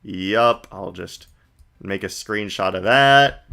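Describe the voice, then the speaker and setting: A man chats wryly as he plays through a video game on stream. His voice is bright and forward, with quick joking asides. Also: fairly low pitch, gravelly. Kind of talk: let's play commentary.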